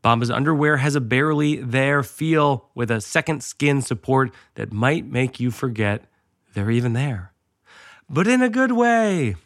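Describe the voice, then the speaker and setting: A man's voice: mid-range voice, moderate pace, fairly bright tone, no echo, clean studio sound. A man hosting a comedy podcast, talking loosely and jokingly, also reading ads in a casual way. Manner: loose, joking, riffs on his own radio voice. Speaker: podcast host.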